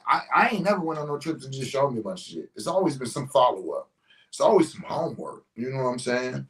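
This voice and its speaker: A man hosting a casual spiritual talk, speaking in an animated, slangy way, swearing and often asking "you know what I'm saying". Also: medium pitch, poor audio. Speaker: podcast host.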